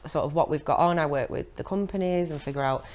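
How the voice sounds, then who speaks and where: Chatty low-voiced woman. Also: a little mellow. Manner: chatty, halting, many fillers. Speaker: theatre front of house coordinator, guest. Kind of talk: casual radio chat.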